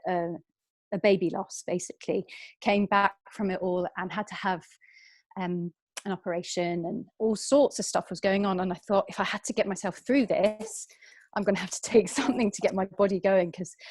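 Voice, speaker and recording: Woman in her 30s on a zoom call, dry close sound, halting and emotional. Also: mid-range voice, no room sound. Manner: emotional, hesitant, with restarts. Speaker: guest sharing her story. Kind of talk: video call chat. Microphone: video call.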